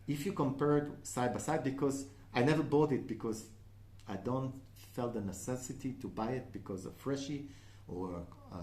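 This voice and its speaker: A man with a French accent, a native French speaker, casually reviews a perfume, frequently checking in with "okay?" and using "uh" fillers. His medium-pitched voice is a little mellow and the recording is reverberant.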